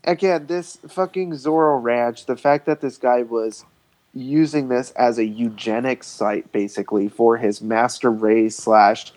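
A man's voice: mid-range voice, steady tone, measured pace, a little mellow. A man in casual podcast chat, swearing freely and mocking in a sarcastic tone. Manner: profane, mocking, puts on voices in jest.

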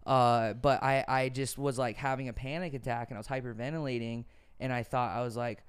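Speaking a little fast with a clean tone and medium pitch, this young man hosts a podcast. His storytelling is animated, rambling and full of swearing, all in a casual chatty style.

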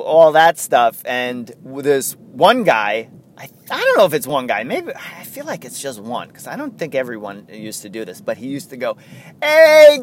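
A man's voice: medium pitch, a little hiss or hum. A man hosting a casual chat, telling stories in a rambling way and laughing often. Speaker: podcast host.

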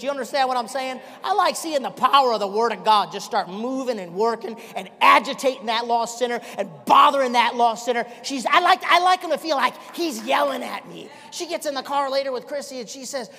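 Gravelly preacher in an echoey hall. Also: male voice, very high-pitched, brisk. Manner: swings from shouting to quiet storytelling. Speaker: pastor. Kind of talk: sermon. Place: church hall.

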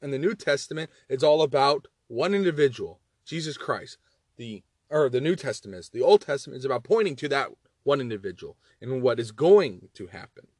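A man with a Southern accent giving an earnest, animated Bible teaching, reading verses and often repeating words as he stresses a point. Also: medium pitch, brisk, breathy edge, no echo, studio quality.

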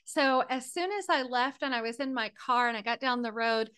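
A middle-aged woman, a podcast guest, telling her personal story in an animated, emotional way, close to tears at times. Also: fairly high pitch, moderate pace, clear, resonant tone.

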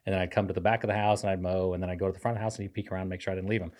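A man's voice: sits low, level tone, very fast, darkish tone. A man who is a pastor, telling a rambling story in casual podcast chat, teasing himself and laughing often.

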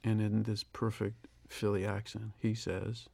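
A man, a film director, giving a reflective audio commentary, thinking aloud with pauses and restarts. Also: on the low side, level tone, vocal fry, darkish tone.

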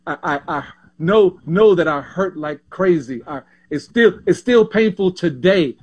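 Guy in his 60s from panama, animated storyteller, repeats himself a lot, highish voice. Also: measured pace, breathy edge. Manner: animated, repeats and restarts words. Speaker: former pro basketball player, guest. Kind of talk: casual interview storytelling.

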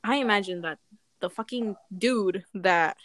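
A woman's voice: mid-range voice, measured pace, no room sound. A young woman telling funny school stories in a casual chat, swearing often and laughing between lines. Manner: laughing, profane, animated storytelling.

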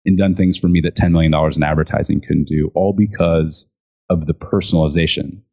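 Low-voiced man telling a story animatedly. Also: fairly quick, vocal fry. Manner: animated storyteller acting out quotes with many fillers. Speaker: guest, speaker and author on gifting. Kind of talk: storytelling in an interview. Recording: dull lo-fi sound.

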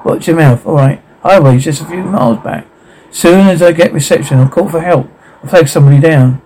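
A man's voice: on the high side, fairly quick, close to an everyday voice, poor audio. An actor playing a protective father who gives his daughters firm, commanding orders in a horror film. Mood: urgent. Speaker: father of the family. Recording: film soundtrack with steady background noise.

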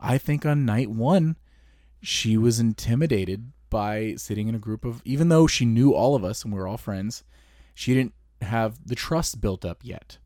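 A man's voice: mid-range voice, animated, normal speed, warm tone, dry recording, clean studio sound. A man co-hosting a tabletop gaming podcast, telling stories casually with frequent laughs. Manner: laughing, storytelling. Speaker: podcast co-host. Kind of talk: casual chat.

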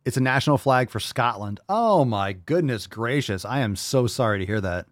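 A man hosting a podcast, reacting to an article with mocking, profane sarcasm, swinging from loud outbursts to low mutters. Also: lively intonation, normal speed, dry recording, studio quality. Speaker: podcast host.

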